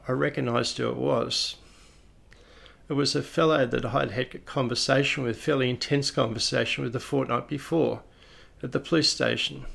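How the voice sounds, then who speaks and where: A man's voice: mid-range voice, vocal fry, a bit bright. An Australian man who is a police officer, telling a personal story in a plain-spoken, reflective, conversational way.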